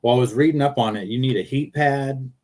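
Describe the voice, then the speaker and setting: A man's voice: medium pitch, brisk, darkish tone. A man hosting a casual livestream from his car, rambling and joking as he reads viewer comments aloud. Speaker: livestream host.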